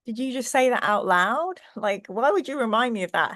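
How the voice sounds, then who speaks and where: A woman hosting a book livestream with a stuffy nose, chatting casually and laughing easily, then reading a bedtime story in a soft, cozy voice. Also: a little high, lively intonation, normal speed. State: stuffy nose from hay fever. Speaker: book channel host.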